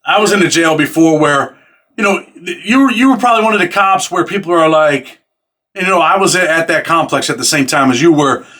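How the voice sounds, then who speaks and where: A man's voice: fairly high pitch, brisk, pushed and bright. A man hosting an interview, a former prisoner talking casually, often saying man and bro.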